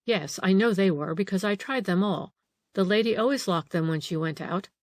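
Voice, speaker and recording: A woman's voice: medium pitch, normal speed, a little mellow, no room sound, clean studio sound, lightly acted. A woman voicing a frightened middle-aged female housekeeper in an audiobook, anxious and eager to please. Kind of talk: audiobook character reading.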